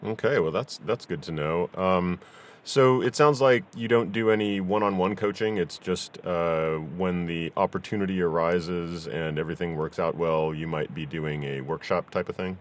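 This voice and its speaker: Low-voiced easygoing male podcast host. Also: normal speed. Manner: easygoing, affirming, with many fillers. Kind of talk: casual interview chat.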